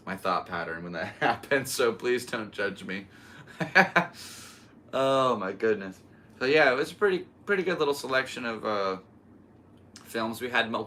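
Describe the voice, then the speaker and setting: A male comedian chats alone on his podcast, rambling from thought to thought and breaking into laughter. His voice sits fairly low but has a bright, forward tone. The delivery stays loose and casual. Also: a little hiss or hum. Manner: rambling, laughs often, restarts a lot. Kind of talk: casual solo podcast chat.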